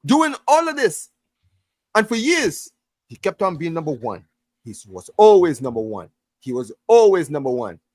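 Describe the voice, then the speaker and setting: A man hosting a casual football podcast, ranting in an animated way, swearing often and restarting his phrases. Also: on the high side, normal speed, no echo. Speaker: podcast host. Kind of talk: heated casual football chat.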